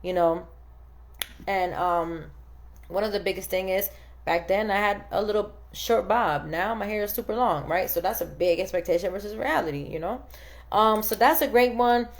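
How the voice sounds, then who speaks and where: A woman's voice: mid-range voice, moderate pace. A woman in her thirties hosting a casual chat, telling stories animatedly and acting out quoted dialogue. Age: 30s. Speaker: podcast host.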